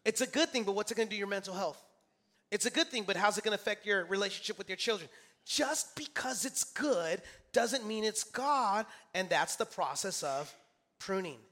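In a church sanctuary, a male pastor with a high-pitched, animated voice and sharp tone preaches at normal speed. He's emphatic and repetitive, repeating key phrases and calling out to the congregation for responses.

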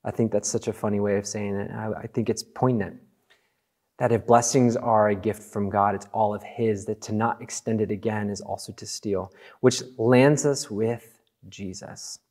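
A man preaching a sermon in an earnest, conversational way, slowing down for emphatic phrases. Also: fairly low pitch, steady tone, a little mellow. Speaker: pastor.

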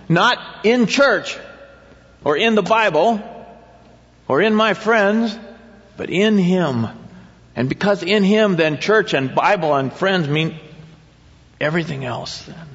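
With a high, creaky voice, this preacher keeps his sermon conversational and frequently asks his listeners questions. The sound is dull and carries long hall reverb.

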